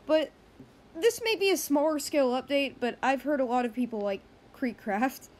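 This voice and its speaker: A woman's voice: sits high, moderate pace, darkish tone. A woman hosting a casual gaming news roundup, chatty and rambling, often correcting herself mid-sentence.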